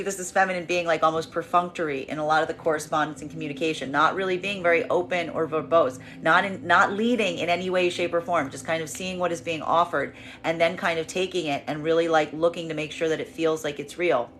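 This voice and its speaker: A woman giving a tarot reading in an expressive monologue, acting out the voices she quotes. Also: low-pitched, fast talker, few pauses, slight background noise. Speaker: tarot reader.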